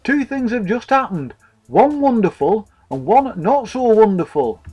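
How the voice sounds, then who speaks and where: A man voicing a prim, shaken vicar's wife in a high, quavering falsetto with a stutter. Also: sing-song, unhurried, darkish tone, husky, muffled recording, soft background music, exaggerated voice. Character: prim elderly vicar's wife, shocked and stiff.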